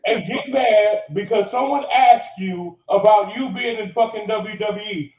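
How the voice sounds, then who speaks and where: A high-pitched man rants in a heated, profane fury. He sits some way back from the mic, so his voice sounds roomy and a bit dull. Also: moderate pace, hardly any pauses, distant mic. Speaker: podcast regular. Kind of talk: angry rant. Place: cigar lounge, live on location.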